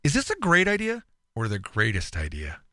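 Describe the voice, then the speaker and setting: A man's voice: mid-range voice, wildly swooping pitch, normal speed, heavy background noise. A man co-hosting a casual podcast who jokes and laughs a lot and reads news stories aloud. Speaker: podcast co-host. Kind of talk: casual chat.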